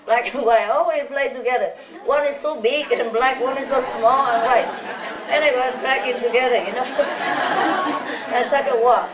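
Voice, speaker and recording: A woman telling casual stories to a gathering in a playful, fond way, often breaking into chuckles. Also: fairly high pitch. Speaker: spiritual teacher speaking to a gathering. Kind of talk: casual anecdotal talk to an audience. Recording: roomy hall, distant mic, audience laughter. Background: audience laughter.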